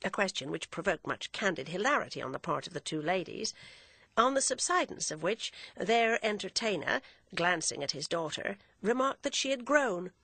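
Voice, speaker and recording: A woman narrating a classic novel in a measured, expressive reading voice. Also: mid-range voice, creaky, slightly rough, no room sound. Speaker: audiobook narrator. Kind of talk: scripted narration.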